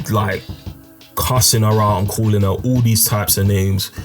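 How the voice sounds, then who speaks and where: A young man telling a personal story in a casual, slangy, emphatic way, as a gaming video host. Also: on the low side. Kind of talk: casual storytime over gameplay.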